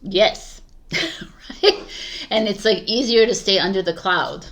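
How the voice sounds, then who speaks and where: A woman's voice: mid-range voice, a little slow, fairly bright tone. A woman doing a tarot reading for viewers, speaking casually with many restarts and bursts of emphatic advice. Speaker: tarot reader.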